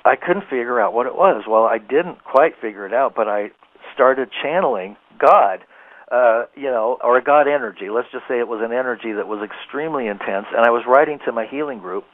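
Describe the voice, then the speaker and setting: A man talking as a guest on a radio show, telling a rambling, animated story and laughing easily. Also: medium pitch, a little fast, dry recording. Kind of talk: casual radio interview storytelling. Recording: tinny phone line, dry.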